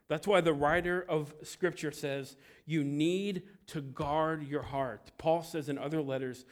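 Preaching man, fairly high voice. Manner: emphatic, swings between loud stresses and quiet trailing endings; acts out quoted voices in a story. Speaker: pastor. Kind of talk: sermon.

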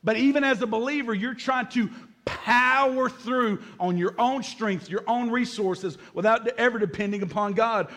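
A man preaching a sermon as pastor, energetic, repeating key words and joking with the congregation. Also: high-pitched.

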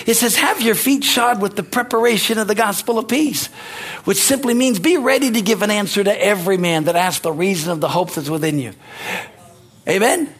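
A man's voice: high-pitched, fairly bright tone, husky. A man preaching a rousing sermon, calling out amens and hallelujahs between points. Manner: rousing, call-and-response preaching. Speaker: pastor.

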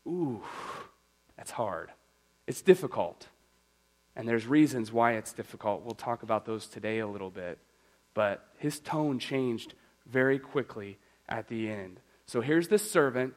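A male pastor preaching in an animated, storytelling manner. He keeps a conversational, everyday tone, with his pitch in a middle range. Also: a little slow, low-quality recording. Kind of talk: sermon.

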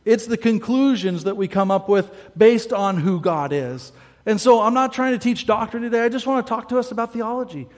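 A man's voice: high-pitched, a little fast, in a large hall. A male pastor preaching a sermon in a church, talking conversationally, often asking "right?" and acting out his listeners' voices.

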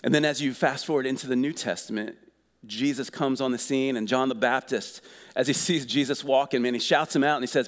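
Man preaching, casual and lively, mid-pitched voice, long hall reverb. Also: a little fast. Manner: conversational, energetic preaching with rhetorical questions. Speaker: pastor. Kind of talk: sermon.

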